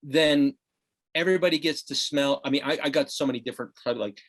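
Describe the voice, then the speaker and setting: A man's voice: fairly high pitch, quick pace, a bit bright. A man hosting a podcast in casual chat, blunt and joking, with vivid analogies. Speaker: podcast host.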